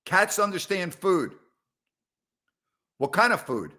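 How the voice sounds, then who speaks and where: A man's voice: fairly high pitch, very animated, fairly quick, pushed and bright. A middle-aged man hosting a live sports talk show from a house, rambling and sarcastic, exasperated as he talks back to his audience. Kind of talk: live call-in show chat. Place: house, indoors.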